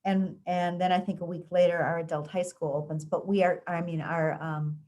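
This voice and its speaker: Answering questions in a community interview, this school district official from the United States speaks in a low, warm voice at normal speed. Her delivery is flat but chatty, with frequent ums and restarts.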